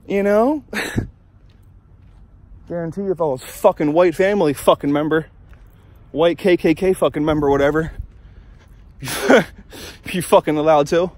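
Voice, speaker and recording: A man's voice: fairly high pitch, unhurried, pauses often, a little mellow. A young man filming himself on a phone in his car at night, ranting angrily, swearing constantly and restarting his sentences. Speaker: vlogger. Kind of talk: profane ranting vlog. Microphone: phone held in hand.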